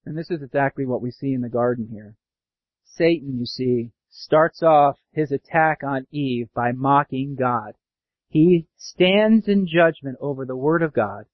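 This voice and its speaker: A pastor preaching a sermon, animated, sometimes acting out sarcastic voices. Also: male voice, mid-range voice, no echo. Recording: dull dry lo-fi sound.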